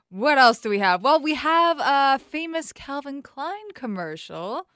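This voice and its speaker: A woman co-hosting a morning show, telling stories in an animated, casual way. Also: high voice, slow pace, no room sound, clean studio sound. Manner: animated storytelling. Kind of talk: casual chat.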